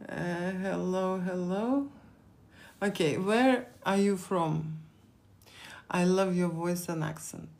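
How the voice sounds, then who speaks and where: Lithuanian-accented woman, lowish voice. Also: slow, vocal fry, long pauses, a little mellow. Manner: rambling, repeats words, frequent fillers. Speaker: photographer answering live questions. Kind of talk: live-stream Q&A.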